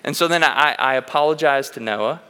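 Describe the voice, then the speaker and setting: A man's voice: mid-range voice, fairly quick, pushed and bright, clean tone. A man preaching a sermon in a church, telling candid personal stories in an earnest way and often restarting his sentences. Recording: long reverb of a large hall.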